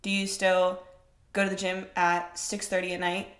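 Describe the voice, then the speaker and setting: A woman's voice: fairly low pitch, moderate pace. A young woman hosting a fitness podcast, talking bluntly with lots of swearing and fired-up rhetorical questions. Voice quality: blunt, profane, emphatic. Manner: rhetorical questions, animated swings in loudness. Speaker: fitness podcast host, personal trainer. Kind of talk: casual monologue. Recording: roomy echo.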